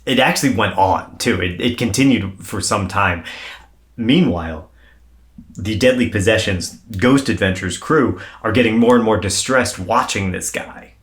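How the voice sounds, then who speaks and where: A man with a fairly low voice walks his co-host through a strange story. His delivery is loose and conversational. He swears casually and builds the suspense as he goes. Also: fairly bright tone. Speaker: podcast co-host.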